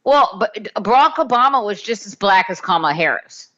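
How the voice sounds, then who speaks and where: Woman co-host, mid pitch, quick chatty interjections, slightly dull lo-fi audio. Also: expressive, pushed and bright. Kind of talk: casual political chat.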